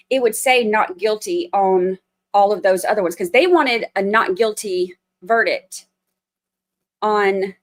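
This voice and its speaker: A woman, hosting a casual livestream and talking through a trial, firm one moment and chatty the next. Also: mid-range voice. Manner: firm scolding then chatty explaining. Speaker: livestream host giving trial commentary.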